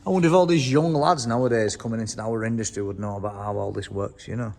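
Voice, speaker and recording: Talking fast in a fairly low, slightly mellow voice with vocal fry, an Englishman gives a casual walk-around of a tractor museum. He reads out labels and swears freely, and the museum hall sounds reverberant with faint ambience.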